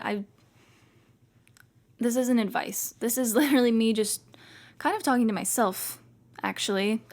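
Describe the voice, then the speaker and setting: A young woman hosting a podcast, talking casually and reassuringly, as if talking to herself, with lots of "like"s. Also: on the high side. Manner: chatty, reassuring, self-talking with many "like"s. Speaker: podcast host. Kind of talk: casual self-help talk.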